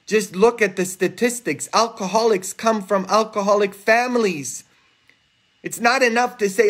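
A man preaching a homily, earnest and emphatic, rising high and intense for rhetorical questions. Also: moderate pace, fairly bright tone. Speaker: priest. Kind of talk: sermon. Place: church, livestreamed.

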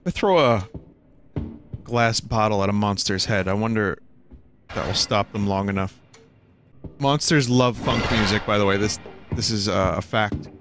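Over music, a man with a fairly low voice plays through a horror game on stream, speaking at normal speed with long pauses. His let's-play commentary is casual, jokey, self-deprecating and rambling.

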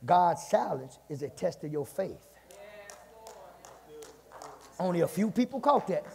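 A pastor preaching a fiery sermon, shouting, chanting and calling out to his congregation in a church. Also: high voice, very animated, moderate pace, gravelly. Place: church sanctuary. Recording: long church reverb, congregation faintly behind.

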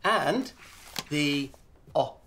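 A man's voice: fairly high pitch, expressive, very slow, background noise. An older man playing a grandfather who cheerfully coaches his dog through letter sounds. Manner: cheery, encouraging teacherly tone. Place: outdoors in a garden and indoors at home.

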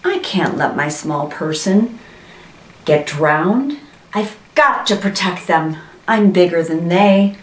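A woman's voice: on the low side, lively intonation, slow pace, distant mic. Woman reading as an earnest elephant. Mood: worried. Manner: pleading, earnest. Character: kind, worried, loyal male elephant. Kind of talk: storybook reading. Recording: roomy, voice from off-mic.

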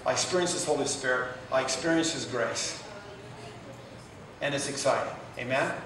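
A man's voice: mid-range voice, normal speed, background noise. A man in his sixties, a pastor telling stories in a sermon and calling "Amen?" to the congregation. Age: 60s. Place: large echoing convention hall. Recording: echoey hall from far off.

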